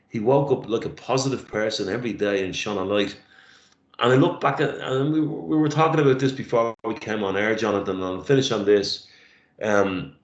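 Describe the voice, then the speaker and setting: Emotional, low-voiced man in a roomy space. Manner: reflective, halting, grows emotional. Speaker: podcast co-host. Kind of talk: casual tribute chat. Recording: roomy lo-fi sound.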